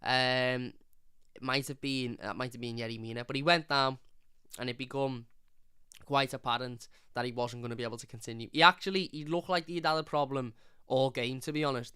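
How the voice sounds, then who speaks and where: Young guy, football fan host, bright clear voice, dry close mic. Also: medium pitch, no room sound. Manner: frank, rambling, frequent restarts and repeats. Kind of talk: live post-match football review.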